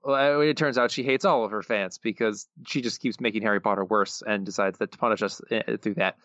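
A man's voice: lowish voice, steady tone, a little fast, fairly bright tone, no room sound. A man co-hosting a podcast, loosely recapping plot with many fillers. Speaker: podcast co-host. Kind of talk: casual chat. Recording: dull, dry podcast mic.

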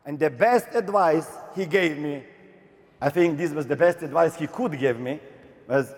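A young man from Slovenia giving a dramatic motivational stage talk, with emphatic outbursts and long pauses. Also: fairly high pitch. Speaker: motivational speaker. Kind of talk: stage speech telling a personal story. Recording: reverberant hall.

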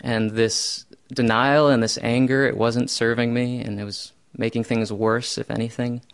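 A young man telling a first-person true story in a self-mocking way, with loud bursts when he voices his own panic. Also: mid-range voice, flat delivery, normal speed, creaky, clear, resonant tone.

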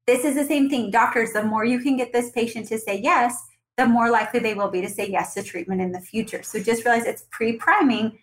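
A woman's voice: a little high, fairly quick, rough recording. A woman guest on an interview podcast, energetically coaching dental teams and acting out conversations with patients. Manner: energetic, acts out dialogues with patients. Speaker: guest, dental practice consultant.

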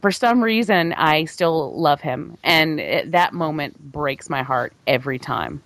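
A woman's voice: deep voice, lively intonation, unhurried, a bit bright, dry recording. A woman co-hosting a film podcast, talking casually and rambling, with frequent laughs and restarts. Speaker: podcast co-host. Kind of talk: casual chat about films.

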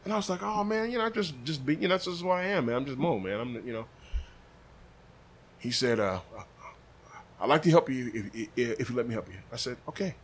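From a room above a butcher shop, a barbecue pitmaster from Des Moines, Iowa chats casually as a podcast guest, acting out the dialogue in his story. His mid-range voice is expressive and fairly quick, with a little hiss or hum on the recording.

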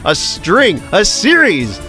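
A man's voice: high voice, wildly swooping pitch, slow pace, sharp tone, faint music behind. A man hosting and producing a casual podcast, teasing his co-host and wrapping up the show.

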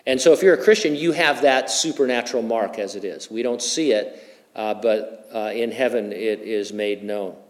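A man's voice: fairly low pitch, normal speed. A middle-aged man preaching a verse-by-verse sermon, conversational in tone with humorous personal asides. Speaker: pastor. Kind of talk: expository sermon.

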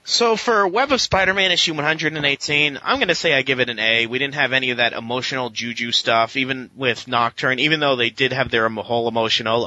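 Guy on a podcast rambling through a comic recap, really bright forceful voice, dry dull-ish recording. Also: medium pitch, fast, hardly any pauses, no room sound. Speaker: podcast co-host. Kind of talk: casual comic book review chat.

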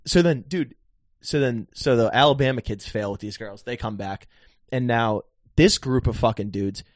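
A young man telling a story in a rapid, profane casual chat as a podcast host. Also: medium pitch, no echo, clean studio sound. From Northeastern US.

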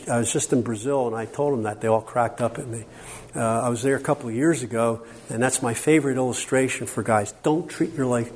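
A middle-aged man teaching a workshop on counseling to a live audience. He talks in an animated, joking way and quizzes the listeners with questions. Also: mid-range voice. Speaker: workshop speaker on biblical counseling. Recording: long hall reverb, faint background noise.

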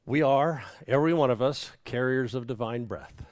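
A man preaching a reflective sermon, with a repeating cadence and a quiet hush on key words. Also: mid-range voice, moderate pace. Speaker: pastor.

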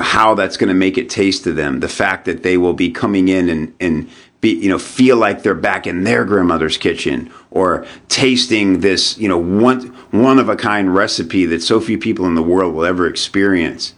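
A lower-pitched man talks as a podcast guest. He tells his story in an animated, conversational way, stumbling over and repeating words as he goes. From United States. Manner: animated storyteller, frequent restarts and repeated words, laughs while telling.

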